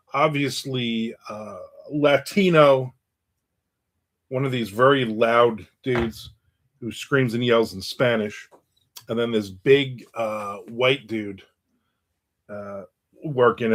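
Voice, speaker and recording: A man's voice: mid-range voice, slow. A man who writes books, hosting his own stream in casual talk, telling stories and reacting to viewer comments. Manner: rambling, anecdotal, reads viewer comments aloud. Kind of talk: casual chat and storytelling.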